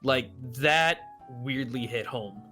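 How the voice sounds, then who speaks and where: A man and tabletop game player chatting casually in a live question session, animated and rambling with restarts. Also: mid-range voice, slow, soft background music.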